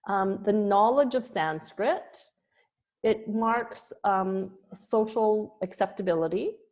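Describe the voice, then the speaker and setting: Female yoga teacher, lecturing slowly, halting with ums and restarts. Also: medium pitch, darkish tone. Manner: hesitant, with frequent ums and restarts. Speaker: yoga teacher giving a presentation. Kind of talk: slow spoken lecture with pauses.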